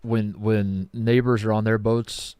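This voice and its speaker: A man's voice: on the low side, level tone, measured pace, a little mellow, clear, resonant tone, no echo, clean studio sound. A man co-hosting a sports podcast, bantering and joking in casual chat. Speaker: podcast co-host.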